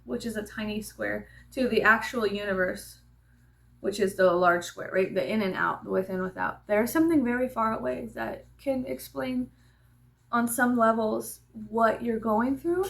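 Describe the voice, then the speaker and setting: A woman vlogger chatting casually, telling an animated, profane story with laughing asides. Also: fairly high pitch, moderate pace, vocal fry.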